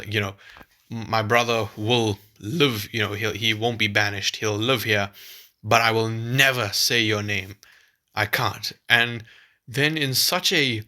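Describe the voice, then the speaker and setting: A man's voice: mid-range voice, bright, forceful tone. A man giving a casual film review, rambling and exasperated, with many restarts.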